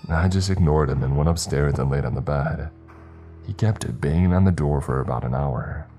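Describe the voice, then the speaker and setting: A man narrating a scripted horror story in a steady, measured reading. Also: extremely low pitch. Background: faint music.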